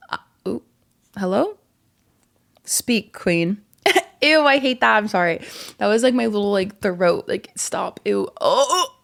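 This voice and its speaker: A young woman hosting a casual podcast, chatty and rambling, with lots of fillers and giggles. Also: medium pitch. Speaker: podcast host. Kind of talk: casual chat.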